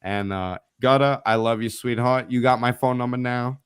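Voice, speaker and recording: A brash, profane man rants and teases his friends on a casual live stream. His voice is smooth and resonant. It sounds close and dry, with no room around it. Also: medium pitch, moderate pace, no echo. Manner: brash, profane, ranting and teasing. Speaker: guest co-host of a live online show.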